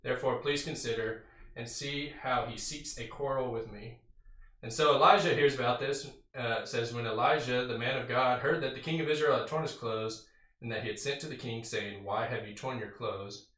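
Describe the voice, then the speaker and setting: Bright-voiced man teaching Bible study. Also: mid-range voice, normal speed. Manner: reads scripture aloud, then explains it conversationally with fillers and "right?". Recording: roomy sound from a distant mic.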